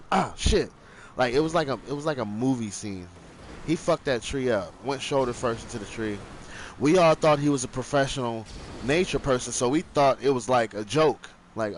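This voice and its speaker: A man's voice: mid-range voice, lively intonation, moderate pace, a little hiss or hum. A young man casually telling a rambling, profane childhood story, acting out the other people with raised voices.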